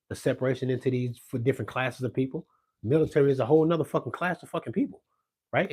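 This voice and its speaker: Brief: man, mid pitch, angry profane monologue, mutters then erupts. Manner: profane, confrontational, swings from low mutter to loud outbursts. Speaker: podcast host ranting on politics.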